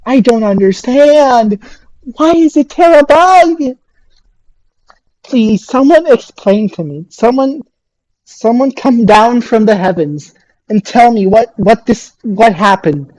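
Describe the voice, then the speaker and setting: Woman freaking out over a game, slow stammery talk, dry close sound. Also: expressive, darkish tone, no echo, rough recording. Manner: incredulous, exasperated, repeats herself in disbelief; stammering restarts, sudden high squeaks. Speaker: video creator reacting to a competitive battle. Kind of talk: solo reaction commentary.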